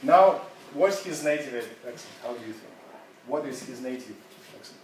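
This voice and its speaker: A man's voice: mid-range voice, animated, normal speed. A male English teacher leading a classroom seminar, conversational and quizzing his students. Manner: conversational, asks the class, laughs often. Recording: echoey classroom from far off, noisy.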